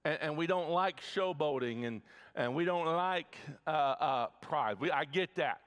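Man, pastor, sermon in a church sanctuary, high-pitched, energetic delivery, repeats words as he builds. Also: unhurried, clear, resonant tone. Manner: energetic preaching with repeated stammered restarts.

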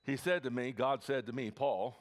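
A pastor from the Midwest preaching a sermon in his church, energetic, with frequent stammered restarts. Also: medium pitch, moderate pace. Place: church sanctuary.

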